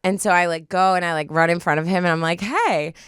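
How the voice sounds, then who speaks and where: A young woman co-hosting a podcast, telling an embarrassing story in casual chat, animated and squealing high when she quotes herself. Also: fast, clear, resonant tone, dry recording, clean studio sound. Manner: animated, jumps high when acting out her own quotes. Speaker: podcast co-host.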